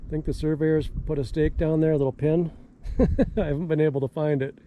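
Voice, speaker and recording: A man's voice: on the high side, fairly even intonation, phone-quality sound, slight background noise. A man from Minnesota with a mixed Minnesota and Georgia accent, chatting casually and unhurriedly as a vlogger outdoors on his desert ranch. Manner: rambling, unhurried, folksy. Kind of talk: casual vlog chat.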